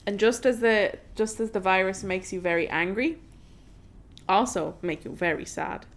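A woman's voice: medium pitch, moderate pace. A woman co-hosting a podcast, chatting casually and playfully about a film, often laughing. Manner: giggly, playful, jokey. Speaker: podcast co-host. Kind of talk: casual film-review chat.

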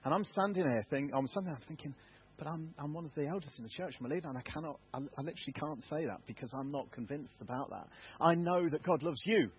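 English guy preaching, kinda husky, a bit higher voice, candid and self-deprecating, dull church recording. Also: quick pace. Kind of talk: personal testimony sermon. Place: church hall.

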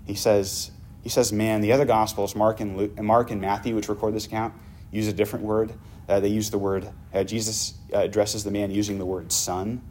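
Male pastor, sermon, vivid storytelling, hushed tender moments, lowish voice, faint background noise. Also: level tone, a little fast.

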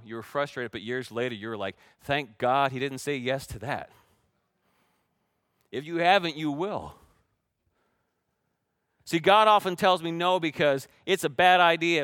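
A male pastor preaching a sermon, dropping to a hush in quiet passages and rising to loud emphasis, often asking his listeners direct questions. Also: a little high, moderate pace, clean tone, dry recording, studio quality. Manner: shifts between hushed reflective passages and loud emphatic preaching; asks the congregation direct questions.

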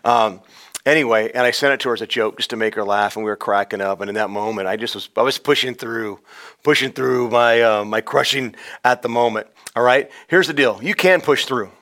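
A man preaching a sermon on a podcast, swinging between loud urgent exhortation and hushed, intimate storytelling. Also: fairly low pitch, fairly even intonation, a little fast. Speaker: pastor. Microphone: podcast microphone.

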